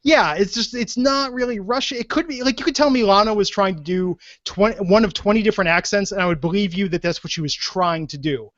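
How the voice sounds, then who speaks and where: A man hosting a podcast in casual chat, with a jokey, animated way of making asides. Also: high voice, a little fast, few pauses, dry recording. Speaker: podcast host. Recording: dull, dry lo-fi podcast audio.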